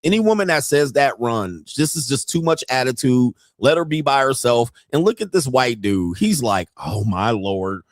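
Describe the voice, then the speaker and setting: A man's voice: medium pitch, very animated, moderate pace, few pauses, no room sound, clean studio sound. A man hosting a reaction video, giving brash, crude commentary and mocking the people he watches. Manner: brash, laughing, mock-quoting others.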